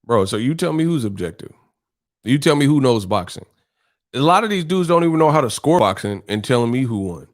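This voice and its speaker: Male stream host, mid-pitched, blunt and combative, curses a lot, casual rant. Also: big pitch swings, a little fast. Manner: blunt, combative, heavy cursing.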